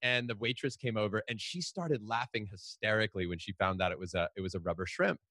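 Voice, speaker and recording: Fast-talking man telling lively stories. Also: on the low side, no echo. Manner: fast, animated storytelling with frequent restarts. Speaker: guest, author. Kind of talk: storytelling in a podcast interview.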